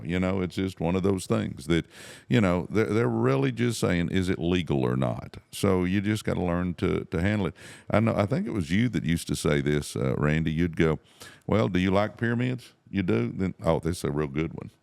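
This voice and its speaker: Deep gravelly man, easygoing chat. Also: lively intonation, normal speed, a little mellow, dry recording. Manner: easygoing, laughs often. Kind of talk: casual chat. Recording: dry close mic.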